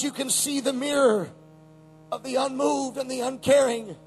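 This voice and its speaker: A man preaching a sermon at a camp meeting, impassioned and shouting, with many repetitions. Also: very high voice, steady tone, normal speed, breathy edge, faint music behind, low-quality recording.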